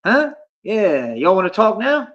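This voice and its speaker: Streamer, man, fairly high voice, cocky and confrontational, muffled lo-fi audio. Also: big pitch swings, unhurried, noisy background. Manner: boastful, confrontational, slangy. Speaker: livestreamer. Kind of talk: livestream rant at chat.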